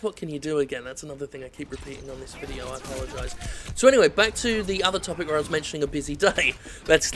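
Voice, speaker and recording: A man's voice: a little high, pushed and bright, a little hiss or hum. A man giving rambling, sweary, self-deprecating commentary over his own gameplay, drifting off on tangents. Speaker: gaming video host.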